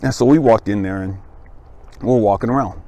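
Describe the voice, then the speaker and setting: A man telling a personal story as a motivational speaker, casual and animated, laughing and checking in with the listener, his voice jumping high when he gets emphatic. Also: fairly quick. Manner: voice jumps much higher and louder when he is emphatic. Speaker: motivational speaker and life coach.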